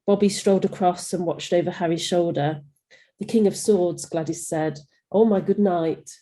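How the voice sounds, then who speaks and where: A woman's voice: lowish voice, normal speed, dark tone, slight background noise, low-quality recording. A woman from Nottingham, an author reading aloud from her own novel at an online event. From England.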